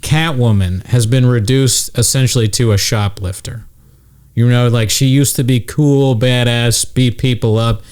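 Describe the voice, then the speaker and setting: Male podcast host, casual and teasing, average pitch. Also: fairly even intonation, a little slow, a little mellow, clean tone. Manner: teasing, needling.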